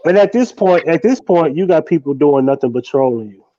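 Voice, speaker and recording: A man's voice: on the high side, expressive, a little fast, mellow, dry recording, lo-fi sound. A man co-hosting a livestream, arguing his points bluntly and with profanity. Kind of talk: casual chat.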